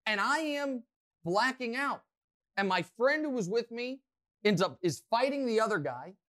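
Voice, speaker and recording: Excitable man telling a wild story. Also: very high voice, normal speed. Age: adult, past college. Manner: excitable, rambling, self-mocking. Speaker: podcast host. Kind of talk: animated storytelling.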